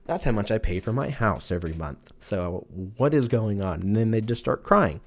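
A man's voice: on the low side, lively intonation, moderate pace, vocal fry. A man hosting a podcast, riffing profanely in a loose, rambling comic monologue and acting out silly voices for imagined people. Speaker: podcast host. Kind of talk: casual comedic podcast monologue.

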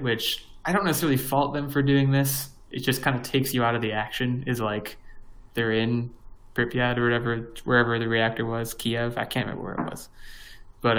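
On a low-quality recording, a young male podcast co-host rambles in casual conversation, with lots of fillers and restarts. His voice sits at medium pitch with a fairly bright tone.

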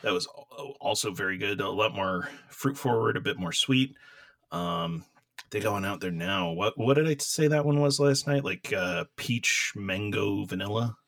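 A man's voice: fairly low pitch, lively intonation, moderate pace, vocal fry, fairly bright tone, no room sound. A man co-hosting a casual beer podcast from home, rambling with lots of fillers and laughs, and coughing from dry air. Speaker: podcast co-host. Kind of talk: casual chat about beer. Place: home room.

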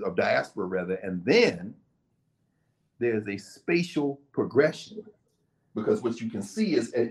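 Man, guest, casual talk, lively storyteller, middle pitch. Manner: animated, storytelling, acts out quotes. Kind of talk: casual explanation.

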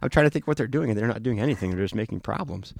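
Man, podcast host, gravelly voice, lowish pitch, chatty storyteller, dry close mic. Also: animated, very fast, a little mellow, dry recording. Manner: chatty storyteller with many fillers and restarts. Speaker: podcast host, firefighter and lieutenant. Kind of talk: casual podcast conversation.

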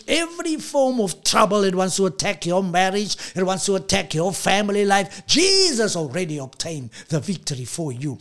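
A man preaching a sermon as pastor, emphatic and repetitive, slowing down to stress key lines. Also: high voice, vocal fry, fairly bright tone.

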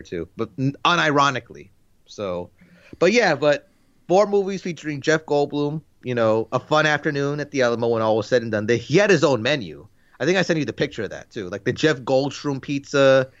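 A man's voice: medium pitch, animated, a little fast, a bit bright, no echo, muffled recording. A man in his thirties co-hosting a podcast, chatting casually in a rambling, laid-back way full of fillers. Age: 30s. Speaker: podcast co-host. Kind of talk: casual chat.

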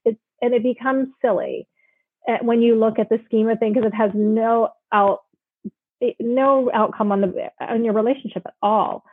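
A woman's voice: on the high side, steady tone, moderate pace, breathy edge, no room sound. A woman guest on a podcast, earnestly offering advice in conversation. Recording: thin phone-line sound, dry.

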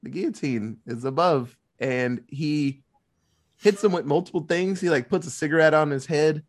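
A man in casual chat retelling a movie plot, animated and loose, swearing freely. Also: a little high. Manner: animated, swearing, quick asides.

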